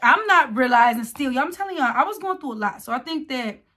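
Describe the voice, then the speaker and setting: A woman's voice: sits high, quick pace. Chatty young woman telling a story. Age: late 20s. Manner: animated storytelling, acts out voices of others. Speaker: vlogger. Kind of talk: casual story time. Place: home, getting ready.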